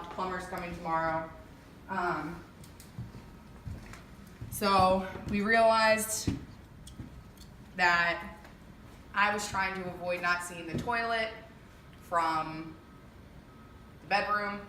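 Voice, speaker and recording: A young woman giving a casual walkthrough of her home renovation, chatty and filling pauses with lots of ums. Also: lowish voice, a bit bright, slight background noise. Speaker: homeowner giving a renovation tour. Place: empty house under renovation, indoors. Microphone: camera mic held by another person. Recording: echoey bare room, voice off-mic.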